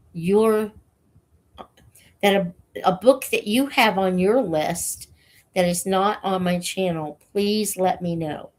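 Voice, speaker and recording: Woman host with a cold, breathless; slow, halting casual chat to camera viewers. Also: on the low side, darkish tone. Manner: slow, halting, with many fillers. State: has a cold, short of breath. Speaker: channel host reading books aloud for students.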